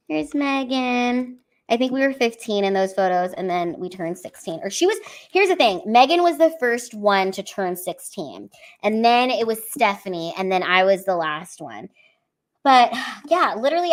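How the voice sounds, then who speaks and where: Young woman comic on a casual livestream; high voice, emotional and teary, loose and profane. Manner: emotional, swearing freely, rambling with many "like"s. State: tearful. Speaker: comedian livestreaming to fans.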